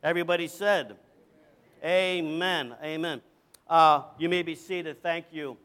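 Male guest preacher, high voice, fervent call-and-response camp meeting style. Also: steady tone, fairly bright tone, clear, resonant tone. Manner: fervent, repeats phrases, slows to stress each word. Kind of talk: revival sermon with call and response.

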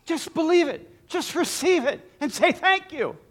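Male preacher, sermon, high voice, animated and joking. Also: normal speed. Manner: lively, humorous, laughs at his own jokes.

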